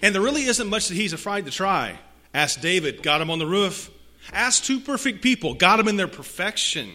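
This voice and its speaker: A man delivers a sermon in a fairly high, forceful, bright voice. He drops to near-hushed phrases and then rises to loud emphasis, repeating key lines for effect. He reads scripture aloud with weight. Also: very animated, moderate pace. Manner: dramatic swings from hushed to loud, with rhetorical repetition. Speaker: preacher.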